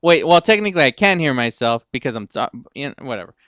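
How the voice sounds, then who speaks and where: A man's voice: mid-range voice, very animated, fast, a bit bright, no room sound, clean studio sound. A man hosting a live podcast in casual chat, joking and rambling, from Southern California. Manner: joking, rambling, laughs often. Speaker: podcast host.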